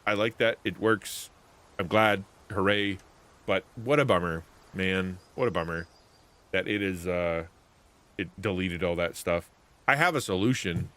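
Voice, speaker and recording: A man's voice: lowish voice, moderate pace, fairly bright tone. A man livestreaming a video game, talking in a rambling, chatty, self-interrupting way. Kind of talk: casual gameplay commentary.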